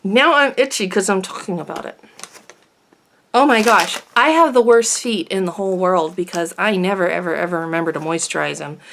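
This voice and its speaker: A woman's voice: on the low side, a little fast, fairly bright tone, a little hiss or hum. Woman, beauty vlogger, casual chat, self-deprecating, rambling asides.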